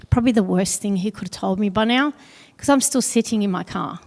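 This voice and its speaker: A middle-aged woman telling a personal story on stage at an awards event, earnest and pausing heavily. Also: mid-range voice, gravelly, a little mellow. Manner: earnest, heavy pauses, quotes others in dialogue. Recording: long hall reverb.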